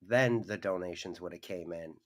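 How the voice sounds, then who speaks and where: A man's voice: deep voice, normal speed, fairly bright tone. A man co-hosting a casual chat, laughing often and going off on tangents.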